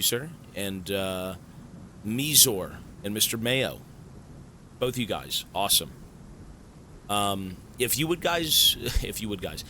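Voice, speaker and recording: Bright, excitable, swearing male streamer. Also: on the low side, a little hiss or hum. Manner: excitable, swears a lot, stunned outbursts. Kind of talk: live stream chat, thanking subscribers.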